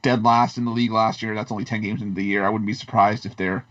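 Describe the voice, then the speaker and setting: Male co-host, low voice, halting repeats, dull lo-fi sound. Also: fairly even intonation. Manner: hesitant, repeats words while thinking aloud. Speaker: sports betting co-host. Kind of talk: casual studio picks talk.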